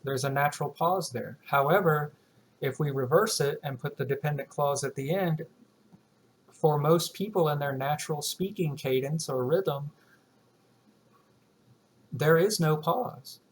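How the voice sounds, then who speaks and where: A man teaching a writing class, explaining grammar slowly and deliberately and reading example sentences aloud. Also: on the high side, slight background noise. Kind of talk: recorded writing lesson.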